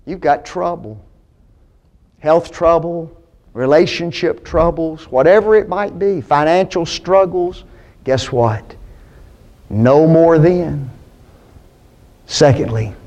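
A man preaching to his congregation in an emphatic, slow, deliberate cadence. His fairly high voice climbs to ringing peaks and then sinks low and quiet. He keeps turning to the audience with rhetorical questions. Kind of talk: sermon. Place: church before an audience.

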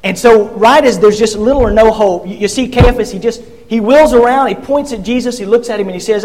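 A man's voice: high voice, a little fast, hardly any pauses, a little mellow. A man preaching a sermon, retelling scripture in vivid storytelling with frequent restarts and acting out the quoted figures.

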